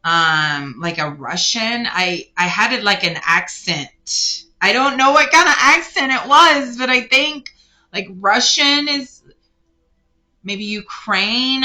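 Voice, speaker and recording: A woman giving a casual spiritual card reading, rambling and correcting herself as she speaks straight to the listener. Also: mid-range voice. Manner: rambling, self-correcting, warm addressing of listener. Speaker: tarot card reader.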